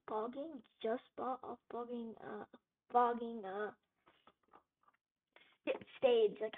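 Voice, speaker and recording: A woman giving gameplay commentary, frustrated, swearing and yelling at the game. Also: a little high, creaky. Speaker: gamer. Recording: tinny phone-like audio with faint noise.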